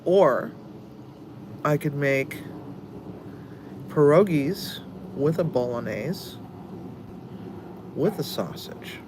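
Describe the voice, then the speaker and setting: A man's voice: a little high, lively intonation, drawn-out words, long pauses, noisy background. A man hosting a cooking channel, chatting casually, tired, swearing now and then and laughing often. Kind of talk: casual chat.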